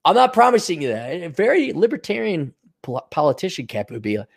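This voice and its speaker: A man's voice: sing-song, fairly quick, gravelly, few pauses. Profane ranting male podcast host. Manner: profane, sarcastic, mocks others in high mimicking voices. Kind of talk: ranting solo monologue.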